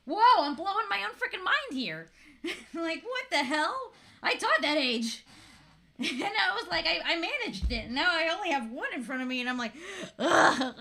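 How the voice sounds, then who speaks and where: A woman's voice: sits high, gravelly, pushed and bright. A woman in her thirties from Florida, chatting casually to camera as a vlogger, laughing often and swearing freely.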